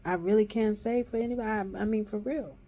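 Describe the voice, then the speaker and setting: A woman's voice: mid-range voice, fast talker. A woman in her thirties or forties giving a raw, angry personal testimony, ranting and swearing heavily. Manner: heated, profane ranting. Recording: dull lo-fi recording.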